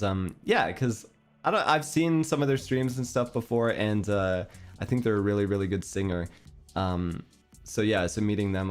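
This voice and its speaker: Young adult Canadian man, streamer, hesitant rambling chat, lower register. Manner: meandering, hesitant, self-deprecating. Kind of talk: casual chat. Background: faint background music.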